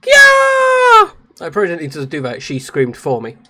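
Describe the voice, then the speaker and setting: Through a streaming microphone with heavy background noise, an English man with a medium-pitched voice and quick pace casually commentates his live game stream. He chats with viewers, laughs at himself and reads the chat aloud.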